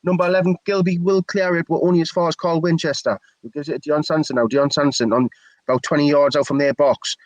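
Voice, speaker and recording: A man's voice: fairly high pitch, steady tone, fast, no room sound, poor audio. A man giving chatty, opinionated live play-by-play commentary for a fan stream. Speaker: match commentator.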